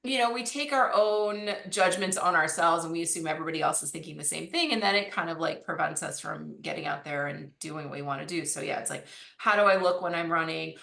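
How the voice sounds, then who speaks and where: A woman running coach talking in a casual interview, animated, laughing often and using lots of fillers. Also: sits low, quick pace, gravelly, few pauses. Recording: echoey room.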